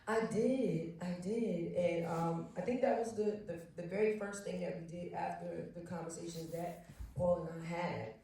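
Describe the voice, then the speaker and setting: A woman actor on a panel telling stories in a lively way and laughing often. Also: lowish voice, normal speed, a little hiss or hum. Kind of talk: animated anecdote telling. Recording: echoey hall, mic far off.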